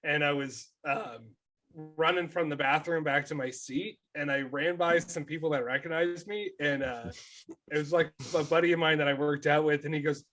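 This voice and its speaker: A man's voice: on the high side, fairly even intonation, moderate pace, a bit bright. A man co-hosting a podcast, telling stories in a casual, profane way. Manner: profane storytelling. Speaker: podcast co-host. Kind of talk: casual chat.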